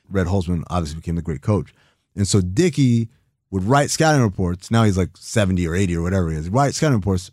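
A man in his thirties telling a long story in a casual, animated way, acting out the people he quotes and swearing now and then. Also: low voice, no room sound, clean studio sound. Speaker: guest.

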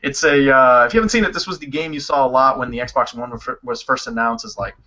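A man co-hosting a casual video game chat, telling stories quickly with lots of swearing. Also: medium pitch. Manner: animated, profane, quick storytelling. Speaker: podcast co-host. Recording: dull lo-fi sound.

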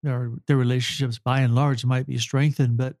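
Older male counselor, emotional and earnest, mellow dry voice. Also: mid-range voice, flat delivery, dry recording. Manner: earnest, halting, apologetic. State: choked up with emotion. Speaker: family counselor. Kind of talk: emotional interview answer.

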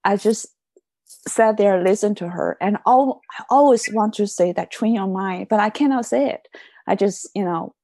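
Gravelly-voiced mother, hesitant and halting. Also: medium pitch, dark tone, no echo. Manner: hesitant, repeats words, non-native phrasing. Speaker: mother asking a question. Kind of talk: personal sharing in a group session.

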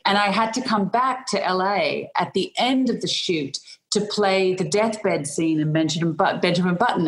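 A middle-aged Australian woman, an actress in an interview, telling anecdotes with frequent laughter and fillers. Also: medium pitch. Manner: laughs often while telling stories, hesitant fillers.

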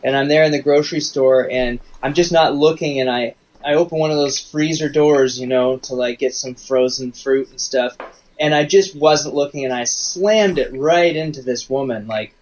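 A man who performs live for children, telling stories in a halting way on a casual interview. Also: mid-range voice, darkish tone. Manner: rambling, halting storyteller with restarts. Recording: dull remote call audio with faint noise.

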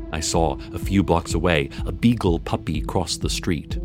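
Deep-voiced man narrating calmly. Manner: calm, measured storytelling. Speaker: radio host narrator. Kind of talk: scripted narration. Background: music.

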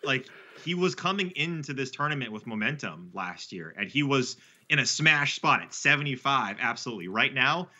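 Bright-voiced man talking golf bets. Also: mid-range voice, animated, dull audio. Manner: fast, rambling, self-correcting with fillers. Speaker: sports betting analyst guest. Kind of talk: casual podcast betting talk.

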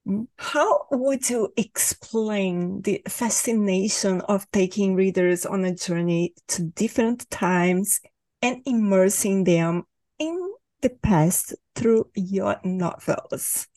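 Woman podcast host, slow deliberate pace, dry close sound, encouraging. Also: medium pitch, lively intonation, dark tone, no echo. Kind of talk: interview questions.

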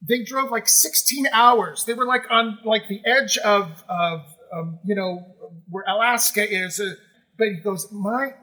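Male stage actor guest, middle-aged; high, sharp-toned voice; animated emotional storyteller. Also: measured pace, rough recording. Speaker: guest, musical theater actor. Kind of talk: conversational storytelling.

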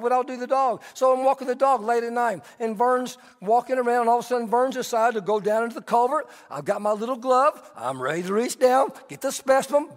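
A middle-aged man preaching a sermon as a pastor, telling stories in an animated, conversational way. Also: very high voice. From Texas. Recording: long hall reverb.

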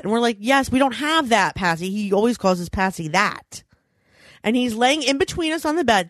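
A woman in her thirties telling an animated story in casual chat, laughing often and swearing freely. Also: fairly high pitch, brisk, no room sound. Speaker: storyteller, mother.

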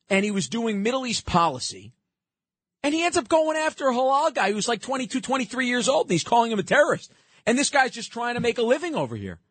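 NY-male talk radio host, 30s, high lively pitch, punchy sarcastic delivery. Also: dry recording. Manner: sarcastic, emphatic, takes calls. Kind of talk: political talk radio monologue.

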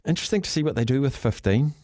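A man's voice: mid-range voice, lively intonation, very fast, a little mellow, no echo, clean studio sound. A man with a New Zealand accent hosting casual sports talkback radio, laid-back and jokey as he reads out listener entries. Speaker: radio host. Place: radio studio.

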